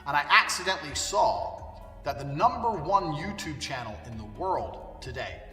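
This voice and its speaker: A man delivering a blunt, profane ranting monologue, his delivery forceful and swinging between loud and quiet. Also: a little high, lively intonation, moderate pace. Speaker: commentator on culture. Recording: distant, echoey room with long reverb and faint music.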